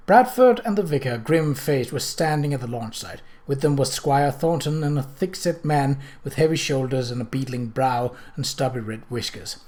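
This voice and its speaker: A man reading a novel aloud in a steady, expressive narration. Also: medium pitch, normal speed, hardly any pauses. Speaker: audiobook reader.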